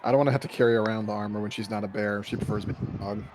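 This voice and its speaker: A man's voice: fairly low pitch, fairly even intonation, very fast, a little mellow, slight background noise. A man playing a tabletop role-playing game, talking in exasperated, sarcastic banter with the group. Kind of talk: casual in-character banter.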